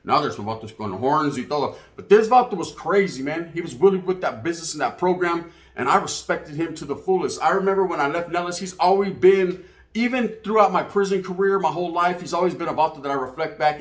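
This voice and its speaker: A man's voice: a little high, fast talker. A man from California, telling stories in a casual, slang-heavy way and acting out other people's lines. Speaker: guest storyteller. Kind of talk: casual storytelling. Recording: roomy echo.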